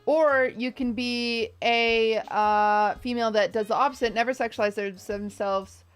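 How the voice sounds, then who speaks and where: Young woman streamer, casual live reaction commentary, slightly high voice, faint music under it. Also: fairly even intonation, a little slow, smooth. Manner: chatty, rambling with restarts and asides to chat.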